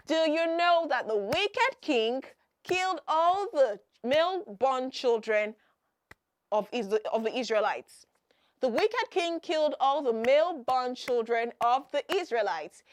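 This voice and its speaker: A woman with a high voice hosts a Bible lesson for children. She quizzes her young listeners, answers her own questions and stresses each point by repeating it. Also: lively intonation, measured pace. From Nigeria. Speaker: children's Bible program host.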